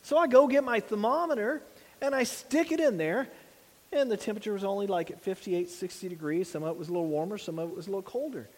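Male pastor, high-pitched voice, casual sermon delivery, heavy hall reverb. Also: quick pace. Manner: conversational preaching with rhetorical questions.

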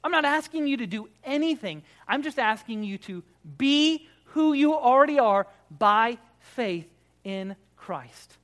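A man, a Baptist pastor preaching a sermon, emphatic and swinging between loud declarations and quiet, soft prayer. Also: very high voice, lively intonation, unhurried.

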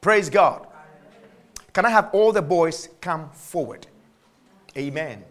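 A man's voice: a little high, expressive, takes it slowly, a bit bright. A man preaching a sermon, emphatic and repetitive, drawing out his key phrases.

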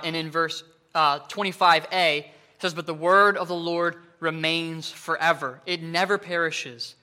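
A man preaches a sermon earnestly in a high-ish, sharp-toned voice, full of fillers and restarts. When reading scripture, he slows down and raises his voice for emphasis.

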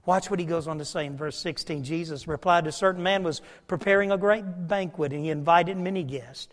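A man preaching a sermon in a church, telling the story in a folksy way and acting out the dialogue, with his voice climbing to shouts. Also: fairly high pitch, brisk. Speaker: pastor. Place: church sanctuary. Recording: long hall reverb.

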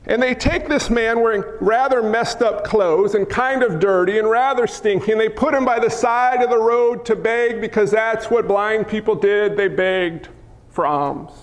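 A man's voice: high voice, moderate pace. A man preaching a sermon as a dramatic story, with repeated lists and rhetorical questions, sometimes dropping to a whisper. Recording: long hall reverb.

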